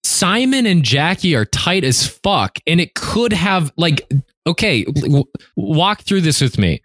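A man co-hosting a podcast, discussing a book in casual, unhurried chat with some swearing. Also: on the high side, sing-song, fairly bright tone, no echo. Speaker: podcast co-host.

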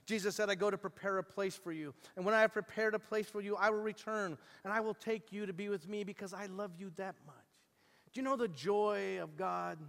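A middle-aged male pastor with a high voice delivers a sermon with animated storytelling. He drops to hushed asides and then rises to near-shouts as he acts out the people in his stories. His voice rings through the long reverb of a large hall. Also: clean tone.

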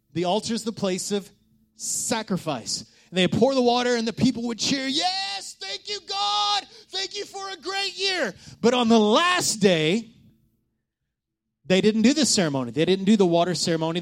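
A high-pitched male pastor preaches a lively sermon, swinging between loud calls and quiet lines while putting questions to the congregation.

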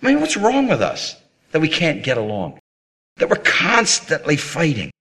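A man's voice: fairly high pitch, huge pitch swings, moderate pace, fairly bright tone, slightly rough. A man preaching a sermon in an earnest, appealing way, with dramatic rises and drops in his voice.

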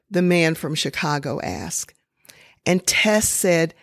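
A woman telling a true story in a slow, deliberate, expressive sermon style. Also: low-pitched, dry recording, clean studio sound.

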